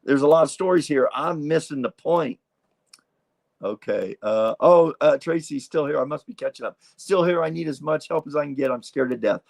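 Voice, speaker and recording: A man's voice: fairly high pitch, moderate pace, creaky, darkish tone, no echo. A man in his sixties hosting a casual live stream, chatting in a rambling way as he reacts to viewer comments. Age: 60s. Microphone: streaming setup mic.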